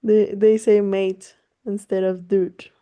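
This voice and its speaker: A woman with a warm, clean, mid-range voice teaches Spanish one-on-one over video, speaking slowly in a level tone, though the audio's highs are cut off. She explains casually and encouragingly, switches between English and Spanish, laughs easily, and swears offhand.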